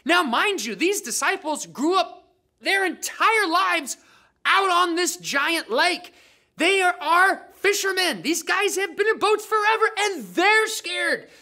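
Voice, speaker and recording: A woman's voice: very high voice, expressive, a little slow, pushed and bright. A woman telling a Bible story to children in a playful, dramatic way, full of slang and jokes. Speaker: children's ministry leader. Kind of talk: animated Bible storytelling for kids.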